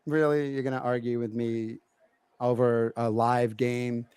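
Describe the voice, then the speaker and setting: A man's voice: medium pitch, level tone, measured pace, darkish tone, smooth, dry recording, clean studio sound. A middle-aged man co-hosting a podcast, telling a family story in casual chat and acting out his kids' voices. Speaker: podcast co-host.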